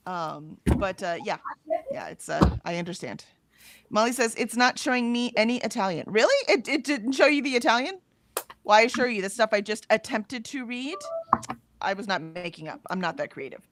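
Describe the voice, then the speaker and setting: A woman's voice: on the high side, animated, moderate pace, slight background noise. A woman hosting a casual livestream, reading viewer comments aloud in a chatty way and laughing often. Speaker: livestream host.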